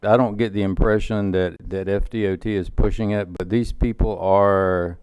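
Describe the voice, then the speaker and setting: A man's voice: fairly low pitch, steady tone, darkish tone, clean tone, no room sound. A man with a Southern accent, a county council member speaking emphatically at a public meeting. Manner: emphatic, measured.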